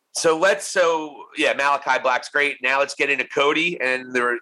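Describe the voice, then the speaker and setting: A man co-hosting a casual wrestling podcast, animated and laughing, tossing in quick impressions of people. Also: medium pitch, low-quality recording. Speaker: podcast co-host.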